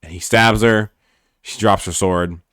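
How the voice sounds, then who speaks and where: A man's voice: on the low side, fairly even intonation, unhurried, a bit bright, clean tone. A young man co-hosting a podcast, animatedly recapping an anime episode in casual, profane chat full of "like" and "basically". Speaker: podcast co-host.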